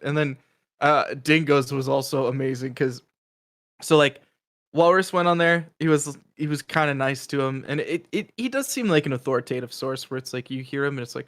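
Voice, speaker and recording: Man co-host, a bit high-pitched, loose rambling storyteller. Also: fairly quick, fairly bright tone. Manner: rambling, laughing retellings. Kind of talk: casual podcast chat.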